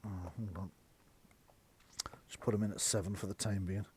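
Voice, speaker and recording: A man narrating and running a tabletop horror game as game master, chatty and quick to laugh. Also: fairly low pitch, fairly even intonation, darkish tone, slight background noise. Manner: chatty, laughs often, slips into quick character voices.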